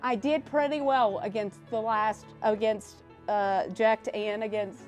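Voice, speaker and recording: A woman game streamer chatting casually on a live stream and telling stories animatedly, her voice swinging between loud and soft. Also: mid-range voice, steady tone, measured pace, faint music behind.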